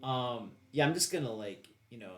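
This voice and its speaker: A man's voice: medium pitch, expressive, normal speed, roomy sound, over music. Rambling man playing a tabletop game. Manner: rambling, hesitant, mischievous.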